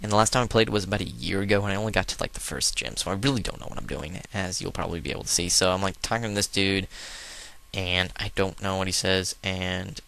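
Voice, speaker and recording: A man's voice: low-pitched, quick pace, vocal fry, fairly bright tone. A man giving casual, rambling and joking commentary over a video game he plays. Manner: rambling, joking, lots of fillers. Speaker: let's play host.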